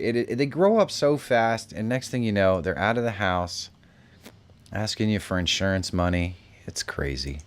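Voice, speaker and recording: A middle-aged man hosting a live stream, chatting casually, reacting to messages and laughing often. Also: on the low side. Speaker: live show host. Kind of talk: casual live-stream chat reading comments.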